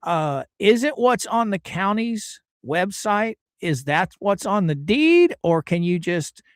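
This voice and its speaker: A man's voice: sits high, very animated, slow pace, no echo, studio quality. A man hosting a casual live stream, chatting and greeting viewers by name while hedging on legal details. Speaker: livestream host.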